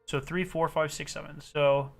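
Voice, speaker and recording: A man chatting casually on a gaming stream, excitable and ranting with plenty of swearing. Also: fairly high pitch, moderate pace, creaky, soft background music.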